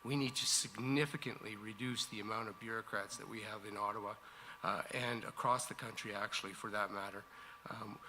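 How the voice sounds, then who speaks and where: Brief: male candidate, sharp bright tone, emphatic, hall reverb. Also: lowish voice, fairly even intonation, brisk, a little hiss or hum. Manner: emphatic, repetitive. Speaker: election candidate. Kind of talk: debate answer.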